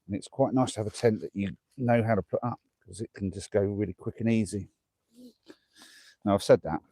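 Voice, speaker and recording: Gravelly-voiced man camping outdoors at night. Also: fairly low pitch, fairly even intonation, quick pace, dark tone, no echo. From England. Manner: chatty, self-deprecating, talks through tasks. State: huffing from exertion. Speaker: camping vlogger. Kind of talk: live-streamed outdoor vlog.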